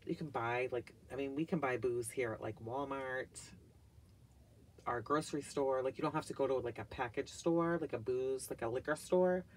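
A woman's voice: a bass voice, normal speed, slight background noise. A middle-aged woman chatting in a casual haul vlog, gushing and full of filler words, sometimes dropping to a whisper. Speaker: vlogger reviewing wax melts.

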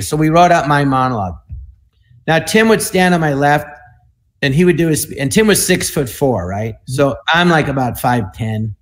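A man in his sixties telling show-business stories in a rambling, animated way, slipping into voices, heard over a video call. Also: fairly high pitch, fairly quick. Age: 60s. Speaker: guest comedian. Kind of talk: anecdotal storytelling.

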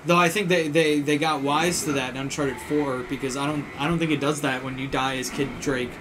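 A man's voice: on the high side, fairly even intonation, a little fast, background noise. A man co-hosting a let's play, chatting casually and swearing while playing. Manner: laid-back, swears casually, laughs a lot. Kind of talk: casual gaming commentary. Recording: game music behind.

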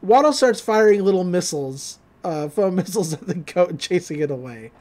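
A woman's voice: lowish voice, animated, a little fast, darkish tone. A woman hosting a podcast, recapping a cartoon episode in a chatty, giggly way with lots of fillers. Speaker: podcast host.

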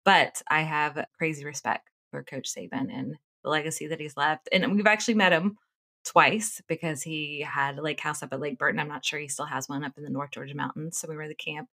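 Brief: middle-aged woman co-host, animated storyteller, rapid delivery. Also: sits low. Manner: animated storyteller, laughs often. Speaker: podcast co-host. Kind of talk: casual chat.

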